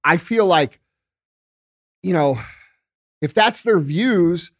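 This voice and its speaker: A man's voice: high voice, animated, slow, no room sound, studio quality. A middle-aged man hosting a casual political chat, loose and profane, calling people dude and bro.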